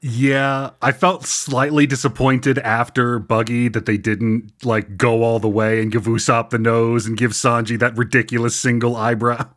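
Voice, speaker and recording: A man co-hosting a casual podcast, jokey and expressive, swearing freely. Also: mid-range voice, normal speed, hardly any pauses. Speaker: podcast co-host.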